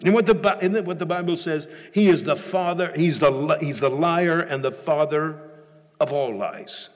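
A man's voice: fairly high pitch, normal speed, in a large hall. A male pastor preaching a sermon in a church, emphatic, often repeating and restarting phrases.

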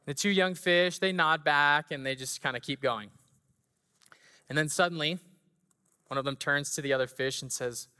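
A man preaching a sermon in a large church hall, playful and animated as he tells stories. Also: on the high side, normal speed, long pauses, smooth. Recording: long hall reverb.

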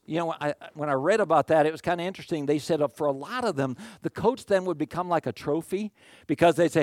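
A man's voice: fairly high pitch, a little fast, no echo, studio quality. A male pastor delivering a conversational sermon, often checking in with the congregation and acting out what the crowd said. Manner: conversational, animated, acts out crowd quotes.

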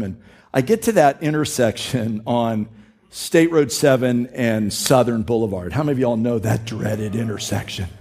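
A man's voice: mid-range voice, a little mellow. A man, preaching a conversational sermon from a church stage, reading scripture aloud and often repeating words as he explains it. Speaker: pastor.

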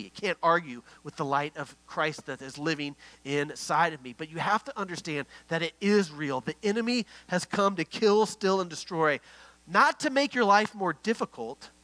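A middle-aged male pastor preaching an earnest, story-led sermon. His voice sits a little higher than most men's and rings bright and forceful. He often drops to a near hush for the tender parts. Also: dry recording, rough recording.

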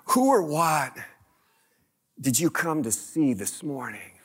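A male pastor delivers a sermon in a high, bright voice. He talks slowly and conversationally, throwing questions at the congregation and building up energy as he goes. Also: very animated, slightly rough.

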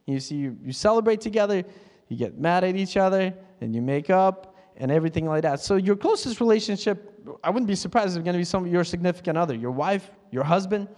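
This middle-aged pastor speaks in a fairly high, slightly mellow voice with lively intonation and a brisk pace. His sermon is casual and conversational, punctuated by chuckles at his own jokes and brief mimicry of other people's prayers. Church hall reverb colors the recording.

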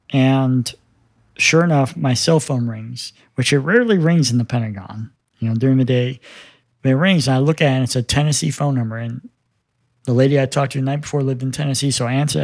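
A man in his fifties, appearing as a guest, shares his personal story in a relaxed interview. Earnest, he quotes the dialogue and voices each side of it. His middle-pitched voice has vocal fry, recorded dry and close without room echo.

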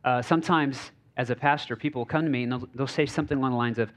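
A man preaching as a pastor in a relaxed, conversational sermon from a church stage. He jokes, uses many fillers and keeps checking in with the crowd. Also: medium pitch, racing. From United States.

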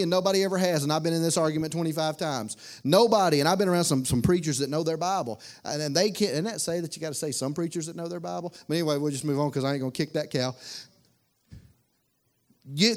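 A male pastor, preaching a sermon in a folksy, conversational way with lots of repetition. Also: high voice.

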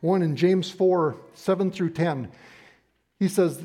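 A middle-aged man preaching a sermon, emphatic and deliberate, slowing down to stress key phrases. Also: high-pitched, warm tone, slightly rough.

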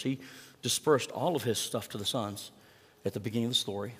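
A man's voice: medium pitch, lively intonation, fairly quick, slightly rough, big-room sound. A man preaching a sermon in a conversational way, asking the congregation rhetorical questions. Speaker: pastor.

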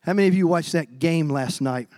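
A middle-aged man preaching a sermon as pastor, swinging from low, quiet stretches to loud, emphatic outbursts. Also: brisk, no room sound.

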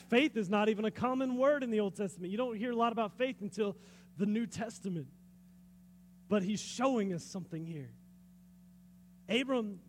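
Male pastor, high voice, chatty sermon delivery with rhetorical questions, faint hum behind. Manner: lively, conversational, asks the audience questions, laughs often.

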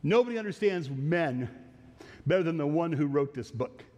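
A slightly high-voiced man preaches an earnest sermon, repeating himself and circling back to restart his sentences. His voice trails off into the long reverb of a large hall. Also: expressive, moderate pace, a little mellow. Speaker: pastor. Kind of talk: sermon teaching through a psalm.

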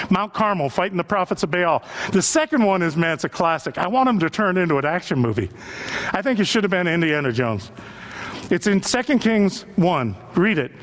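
A man's voice: high voice, fairly bright tone. A male pastor preaching a sermon to a church that is also streamed online, acting out the voices of the people he quotes.

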